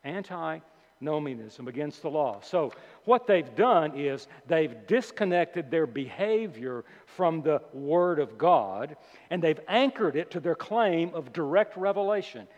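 A man preaching a sermon as pastor, emphatic and deliberate, repeating key words slowly for weight. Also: a little high, animated. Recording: dull lo-fi sound with long hall reverb.

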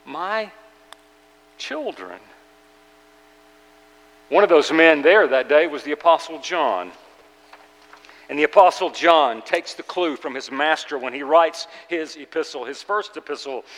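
Earnest preaching man, slightly high voice. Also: moderate pace, in a large hall, poor audio. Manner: earnest preaching, swinging between loud and hushed. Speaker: pastor. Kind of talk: sermon. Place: church sanctuary.

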